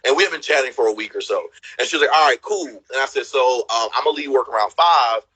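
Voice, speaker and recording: A man's voice: medium pitch, quick pace, bright, forceful tone, husky, low-quality recording. A man casually telling a dating story, acting out what each person said and laughing often.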